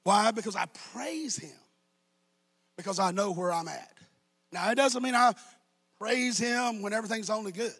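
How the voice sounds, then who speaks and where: A male pastor preaching a sermon, shouting and slipping into a sing-song cadence. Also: high voice, moderate pace, gravelly, long pauses, husky.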